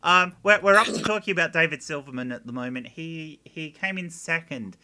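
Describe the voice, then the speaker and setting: Bright-voiced man hosting a casual chat. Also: on the high side, lively intonation, a little fast. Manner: laughing, swearing freely. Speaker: podcast host.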